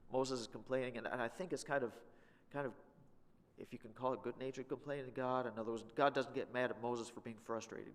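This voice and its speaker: A man's voice: mid-range voice, fairly quick. A man teaching the Bible in a church, reading scripture and asking the congregation questions in a casual, joking way. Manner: conversational, humorous, asks the congregation questions. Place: church sanctuary. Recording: long reverb of a church hall.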